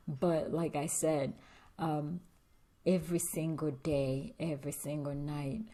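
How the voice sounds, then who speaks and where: A woman's voice: sits low, mellow. A woman vlogger telling a personal story in a confiding way, with many fillers and frequent drops into a whisper. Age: adult with a young daughter.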